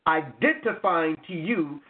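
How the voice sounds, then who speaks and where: High-voiced man reading scripture aloud. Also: lively intonation, measured pace. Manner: reads verses aloud, addresses listeners directly. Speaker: Bible show co-host. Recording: tinny phone-like audio.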